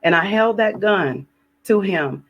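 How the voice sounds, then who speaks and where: A woman's voice: mid-range voice, lively intonation, takes it slowly, slightly rough, lo-fi sound. A woman relates a personal testimony with heavy emotion. She repeats phrases for weight and acts out her own pleas and prayers as she goes. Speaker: guest sharing her testimony.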